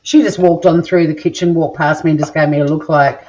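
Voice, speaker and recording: Fairly quick with few pauses, a medium-pitched Australian voice chats and rambles through a home-kitchen cooking vlog, throwing in crude jokes. The recording is muffled and darkish, with slight background noise.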